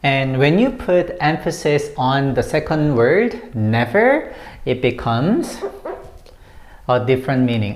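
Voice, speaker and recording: A woman teaching English, explaining word meanings slowly and patiently, repeating the key phrases. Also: very deep voice, very animated, a little mellow, echoey room. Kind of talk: explaining English usage to learners.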